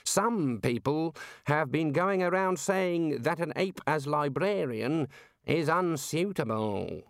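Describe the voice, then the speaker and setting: A man's voice: a little high, expressive, slow, no room sound, clean studio sound, pitched above the performer's own voice. A man voicing a sly, gossiping older wizard who talks in an insinuating tone, in an audiobook. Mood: confiding.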